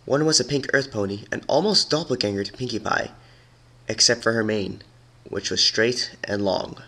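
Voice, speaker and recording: A man reading a storybook aloud as a hobby narrator, expressive and slowing down low for the eerie passages. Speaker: hobby dramatic reader.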